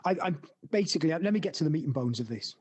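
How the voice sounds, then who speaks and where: A man's voice: a little high, expressive, very fast, a little mellow, husky, dry recording. A man co-hosting a comedy podcast, joking, swearing and reading a story aloud. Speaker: podcast co-host.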